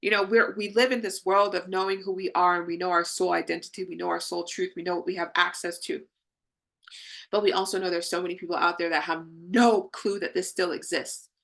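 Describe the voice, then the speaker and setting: A woman hosts a live spiritual healing session and speaks straight to the people in her chat. Her voice sits low and has a lot of gravelly fry, with a bright, forward edge. She talks in an effusive, affirming way. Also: fairly even intonation, brisk.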